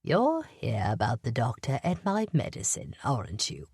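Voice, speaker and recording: Lady reading as a sick old woman who sees right through people, teasing and wry, low voice swinging up and down. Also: huge pitch swings, moderate pace, a little mellow, breathy edge, no room sound, studio quality, heavily acted. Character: frail, blunt, sharp-eyed old woman, sick in bed. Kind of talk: audiobook character voice.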